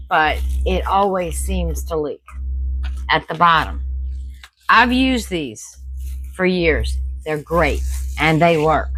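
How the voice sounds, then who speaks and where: Woman, home decor vlogger, chatty and folksy, slightly low voice, recorded at home. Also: fairly bright tone, low-quality recording. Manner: chatty, folksy, talks to viewers as y'all. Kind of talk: casual unboxing chat.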